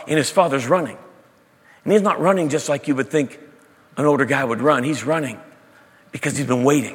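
Husky male preacher in a big hall. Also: mid-range voice, a bit bright. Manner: dramatic, storytelling, asks the audience questions. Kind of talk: sermon.

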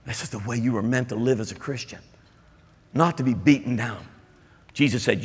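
At normal speed and medium pitch, with a breathy edge to his voice, a male pastor gives an emphatic, conversational sermon. He chats with the congregation through asides, and the sound has long hall reverb.

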